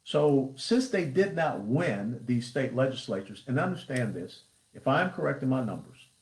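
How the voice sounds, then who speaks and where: A man's voice: mid-range voice, very animated, moderate pace, a little mellow. A man who is a party chairman, giving emphatic political commentary on a livestream, with punchy lists and rhetorical questions. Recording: roomy echo.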